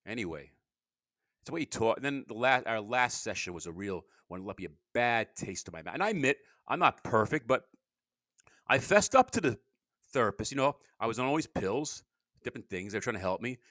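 Stammering middle-aged man, lively rambling talk. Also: medium pitch, brisk, dry recording, clean studio sound. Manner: stammering, repeats words, candid and blunt. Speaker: podcast host and comedian. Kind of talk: rambling confessional monologue.

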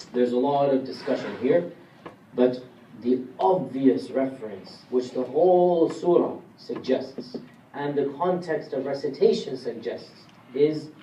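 An Islamic lecturer with a warm, mid-range voice teaches a class on Quran commentary, explaining things step by step and posing questions to his listeners. The lo-fi recording carries a little hiss or hum and sounds roomy and distant, with faint ambience.

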